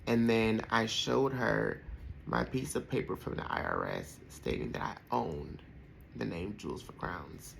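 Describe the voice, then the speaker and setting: Podcast host, male, 30s, heavy vocal fry, animated pitch, heartfelt rambling storyteller. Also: a little slow, a little hiss or hum, low-quality recording. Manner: heartfelt, rambling with many fillers. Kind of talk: personal reflective storytelling.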